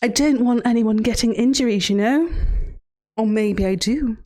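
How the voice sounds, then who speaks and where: A woman streaming live in character as a teasing female villain therapist, talking in a mock-sweet, menacing, drawn-out way to her chat. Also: on the high side, a little mellow, close to an everyday voice. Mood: playful teasing. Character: creepy, teasing female villain therapist hosting cruel trials.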